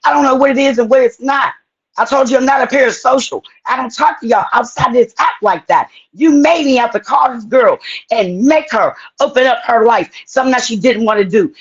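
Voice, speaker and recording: A woman's voice: a little high, breathy edge, lo-fi sound. A woman on a live stream angrily confronting and grilling a man, swearing heavily. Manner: angry, confrontational, profane.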